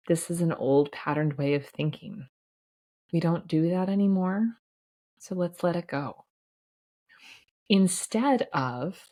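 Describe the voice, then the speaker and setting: A woman's voice: on the low side, mellow. A woman hosting a solo podcast as a life coach, talking in an earnest, reassuring way with frequent "right?" asides.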